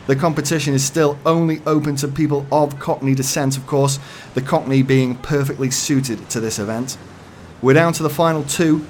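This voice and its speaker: A man putting on an excitable live sports commentator with a booming, theatrical delivery. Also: slight background noise, lightly acted.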